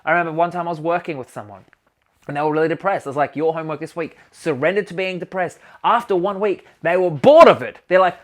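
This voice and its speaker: A man with a fairly high voice talks straight to camera about healing and growth. He is animated and emphatic, with loose, swearing-laced phrasing, and his delivery keeps pushing up in energy. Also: brisk. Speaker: healing coach and channel host. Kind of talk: casual self-help monologue to camera.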